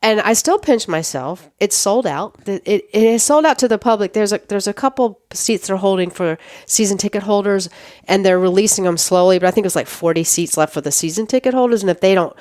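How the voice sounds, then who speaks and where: Smooth-voiced woman telling a lively story. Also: mid-range voice, brisk, no echo, studio quality. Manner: animated storyteller who acts out quoted dialogue. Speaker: interview guest, photographer. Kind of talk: casual storytelling interview.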